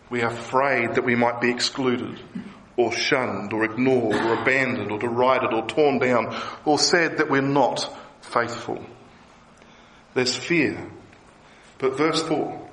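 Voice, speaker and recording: A man preaching a sermon as pastor, lively and emphatic. He voices the people he quotes with a rising pitch. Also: reverberant, rough recording.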